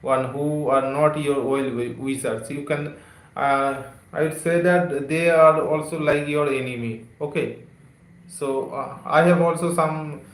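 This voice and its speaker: A man teaching English words on a live stream, talking slowly with many fillers and repeated phrases. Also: a little high, steady tone, echoey room, poor audio. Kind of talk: live-streamed vocabulary lesson.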